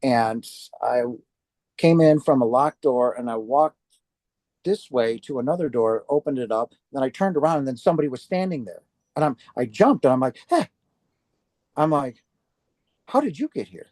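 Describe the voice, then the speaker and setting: A man's voice: mid-range voice, moderate pace, darkish tone, no room sound. A man giving an earnest personal testimony to an audience about his near-death experience, acting out his own past reactions as he tells it.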